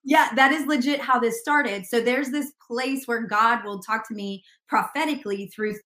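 Bright-voiced woman telling a story. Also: fairly high pitch, moderate pace, echoey room. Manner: animated storyteller, laughs often. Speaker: guest. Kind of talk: testimony in casual conversation.

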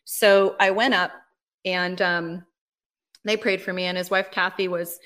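A woman with a bright, sharp-edged voice speaks as a guest on a faith podcast. She tells a personal testimony in a lively, animated way, filling her talk with "like" and "right?". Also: lowish voice, a little slow. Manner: animated storyteller, frequent "like" and "right?". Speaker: ministry leader, podcast guest. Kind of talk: casual interview, personal testimony.

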